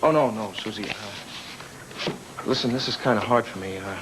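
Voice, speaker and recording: An actor playing a young man who pleads haltingly with the woman he loves, in a 1980s daytime soap opera. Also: on the low side, background noise, close to an everyday voice. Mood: awkward, hurt. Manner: halting, pleading, soft-spoken. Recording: archived TV recording with music.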